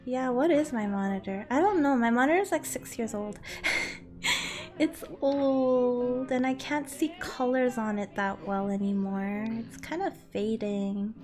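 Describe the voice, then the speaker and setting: A woman's voice: fairly high pitch, moderate pace, few pauses, a little mellow, soft background music. A woman streaming a game, chatting casually with her viewers, reading their messages aloud and answering with giggles and playful grumbles. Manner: yelps and grunts while playing. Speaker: streamer playing a climbing game. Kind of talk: casual live-stream chat.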